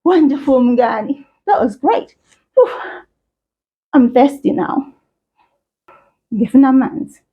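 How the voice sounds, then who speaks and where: Woman teacher for kids, high bright voice, slow careful pace, slightly dull recording. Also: lively intonation. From South Africa. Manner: encouraging, sing-song, slow and clear. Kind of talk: children's language lesson.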